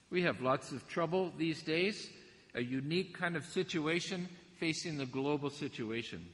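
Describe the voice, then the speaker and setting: A man preaching a reflective sermon, with gentle asides and the odd laugh. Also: on the high side, normal speed. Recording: long hall reverb.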